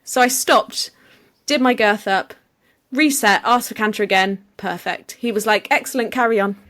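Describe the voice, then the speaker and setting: A woman's voice: mid-range voice, a little slow, a bit bright. A woman co-hosting a casual podcast, telling a chatty anecdote with small laughs. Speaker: podcast co-host.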